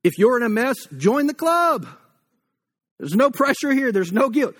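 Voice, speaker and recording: A man's voice: very high-pitched, big pitch swings, moderate pace. A man preaching a blunt, conversational sermon with humor, likely in his thirties, acting out quoted voices along the way. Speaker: pastor.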